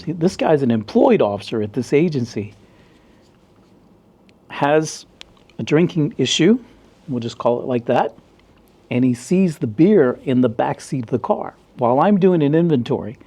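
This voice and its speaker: Animated storytelling ex-cop, mellow voice. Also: male voice, mid-range voice. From United States. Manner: animated storyteller, acts out dialogue in a raised voice. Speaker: former police officer. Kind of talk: casual storytelling interview.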